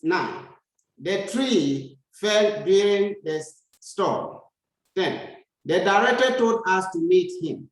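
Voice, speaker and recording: A male teacher giving a grammar lesson, reading example sentences slowly and repeating them for learners. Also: sits high, animated. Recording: echoey room.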